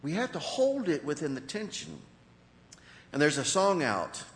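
A man preaching a sermon as pastor, in an animated way with sudden rises and drops in his voice. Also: on the high side, unhurried, in a large hall.

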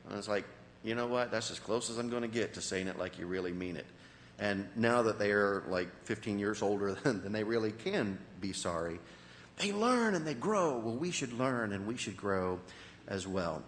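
A man preaching a sermon as pastor, in an animated way with sudden rises and drops in his voice. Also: mid-range voice, normal speed, long reverb tail.

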